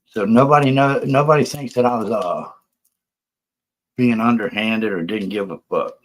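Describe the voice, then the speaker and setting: Out of breath, a man hosts a casual livestream, rambling and swearing as he defends himself. His voice is lowish and his pace moderate.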